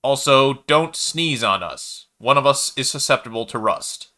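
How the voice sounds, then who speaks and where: A calm, menacing robotic enforcer delivering a slow, formal broadcast, as a man puts it on. The voice is raised a little and bright at the edges. It is part of a storybook sci-fi reading. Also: mid-range voice, voice pushed up. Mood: announcing.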